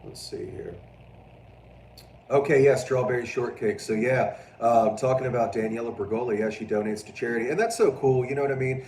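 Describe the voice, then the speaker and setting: A man hosting a casual livestream, chatting with viewers in a loud, profane, animated way and mocking people in put-on voices. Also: mid-range voice, a little fast, echoey room, far from the mic, slight background noise. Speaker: livestream host. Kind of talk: casual livestream chat reading viewer comments.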